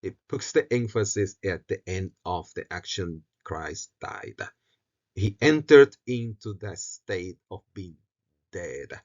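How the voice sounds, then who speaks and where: A man gives a slow, unhurried lecture on Greek syntax, his voice sitting fairly low. He talks haltingly, restarting phrases and repeating key words for stress. The recording is muffled and lo-fi. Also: animated, darkish tone. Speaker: Bible teacher.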